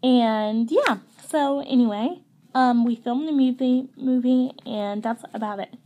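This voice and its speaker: A woman's voice: a little high, measured pace, warm tone, dull audio, a little hiss or hum. A young woman hosting a toy pet video channel, nervous and rambling with lots of ums. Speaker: channel host. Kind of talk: playing toy pets in a home video. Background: background music.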